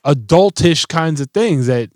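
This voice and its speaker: Profane, animated man telling stories. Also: on the high side, a little slow, dry recording, studio quality. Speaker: podcast co-host. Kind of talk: casual podcast chat, storytelling.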